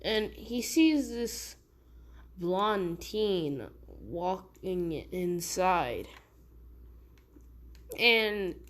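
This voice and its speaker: Woman storyteller, casual fan-fiction telling; slow, rambling, self-correcting. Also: on the low side.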